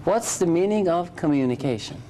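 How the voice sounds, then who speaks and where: A woman's voice: on the low side, expressive, fairly quick, mellow, slight background noise. A woman teaching English conversation in class, patiently correcting and repeating her students' sentences.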